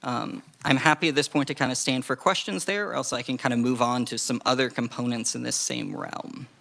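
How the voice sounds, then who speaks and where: A man's voice: medium pitch, fairly even intonation, vocal fry, sharp tone. Man briefing a committee with fillers. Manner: measured, hedging with frequent fillers. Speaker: legislative staff presenter. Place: legislative committee room.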